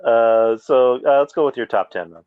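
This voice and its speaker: A man hosting a casual podcast, rambling excitedly through story recaps with lots of fillers. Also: mid-range voice, moderate pace, clear, resonant tone, no echo, phone-quality sound. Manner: rambling, animated fan recounting plots with many fillers. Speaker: podcast host. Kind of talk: casual chat.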